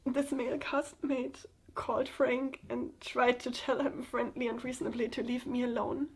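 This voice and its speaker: A young woman speaking to camera in a halting, hesitant way, with many pauses and fillers, telling a personal story. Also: on the high side, level tone, husky. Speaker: vlogger.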